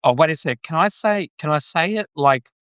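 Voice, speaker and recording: A man's voice: fairly high pitch, animated, normal speed, fairly bright tone, clean tone, no echo. An Australian man hosting a live video podcast, chatting casually and greeting viewers in the chat. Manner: chatty, rambling, reads out viewer comments. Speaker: podcast host.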